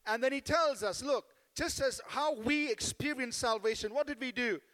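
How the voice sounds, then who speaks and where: Male pastor preaching, really high voice, calls out amen? to the crowd, big echoey church hall. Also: normal speed, a bit bright. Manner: preaching, asking the congregation for amens. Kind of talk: sermon. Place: church sanctuary. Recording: long hall reverb.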